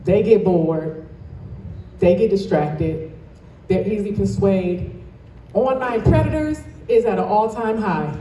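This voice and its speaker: A woman's voice: mid-range voice, slow, pauses often, dark tone, slight background noise. A woman from Toledo, Ohio, giving a passionate, emphatic motivational speech as a guest speaker and addressing the crowd directly. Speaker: guest speaker and dance studio owner. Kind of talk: motivational speech to a live audience. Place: event hall, indoors. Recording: echoey hall from far off.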